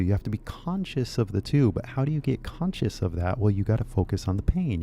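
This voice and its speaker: A man from California with a Californian accent, musing in a relaxed, rambling way while giving an English lesson. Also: fairly low pitch, vocal fry, a little hiss or hum. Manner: laid-back, musing, drawn-out phrases. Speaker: English teacher. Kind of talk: casual rambling video lesson.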